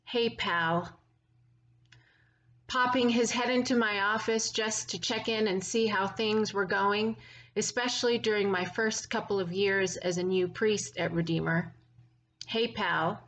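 A woman priest giving a gentle, reflective memorial sermon with lingering pauses. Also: mid-range voice, steady tone, rough recording.

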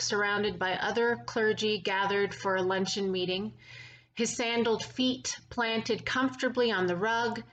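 A woman priest giving a gentle, reflective memorial sermon with lingering pauses. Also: medium pitch, dull audio.

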